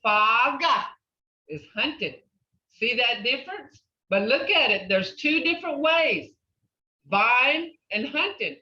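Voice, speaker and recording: A woman teaching a language class, patiently repeating words slowly to model pronunciation. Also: sits high, animated, bright, forceful tone. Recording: roomy, distant, dull lo-fi classroom recording.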